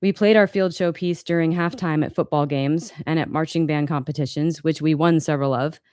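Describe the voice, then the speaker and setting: Smooth-voiced woman reading her memoir. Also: low-pitched, fairly even intonation, a little fast, darkish tone, dry recording, studio quality. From Los Angeles, USA. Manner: candid, wry, occasionally stumbles and corrects herself. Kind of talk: live book reading.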